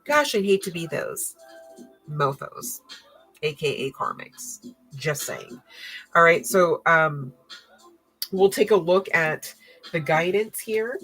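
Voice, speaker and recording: A woman's voice: on the low side, lively intonation, takes it slowly, pauses often, a bit bright, husky, faint music behind, low-quality recording. A woman giving a casual tarot reading in a blunt, profane, slangy way, often laughing. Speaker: tarot card reader.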